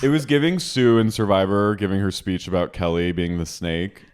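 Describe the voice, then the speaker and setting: A man's voice: low voice, moderate pace, clean tone. A man co-hosting a podcast, casually recapping a reality show and acting out the quotes with animation. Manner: animated storyteller, acts out quotes. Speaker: podcast co-host.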